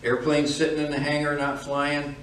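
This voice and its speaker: A man's voice: fairly high pitch, little pitch movement, moderate pace, a bit bright, distant mic. A man lecturing flight students in a firm, direct way. His voice comes from across an echoey classroom. There is faint room noise behind him. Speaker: flight school instructor.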